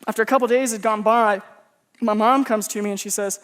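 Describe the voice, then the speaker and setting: A man's voice: sits high, steady tone, brisk, fairly bright tone, clean tone. Male pastor from Texas, casual sermon storyteller, joking and self-deprecating. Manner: humorous, conversational, self-mocking.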